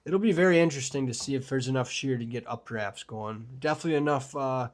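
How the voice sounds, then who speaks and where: A man's voice: medium pitch, quick pace. Casual rambling male weather streamer. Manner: casual, rambling, enthusiastic about storms, many fillers. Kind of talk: live forecast discussion with chat.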